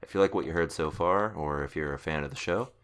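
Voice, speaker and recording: A man's voice: a bass voice, fast talker, fairly bright tone, smooth. A young adult man hosting a podcast in casual, teasing chat. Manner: joking, teasing. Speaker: podcast host.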